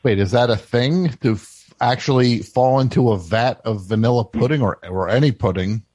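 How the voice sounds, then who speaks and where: Brief: male call-in host, mid pitch, deadpan, halting, dry close sound. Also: no room sound. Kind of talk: casual call-in radio chat.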